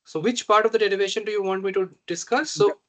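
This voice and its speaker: A man teaching a reinforcement learning tutorial, slow and halting, often pausing to check that students follow. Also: sits high, a bit bright. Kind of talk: online math tutorial.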